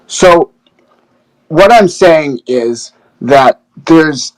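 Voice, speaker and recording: A man who works as a social worker, answering criticism in a measured, defensive, halting way. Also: on the high side, expressive, rough recording. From Maine. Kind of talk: heated discussion.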